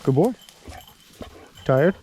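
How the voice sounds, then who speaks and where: A man's voice: fairly high pitch, very animated, drawn-out words, noisy background. A man out hunting in thick woods, talking casually to his dogs and calling commands to them in a coaxing way. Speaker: hunter filming his hunt.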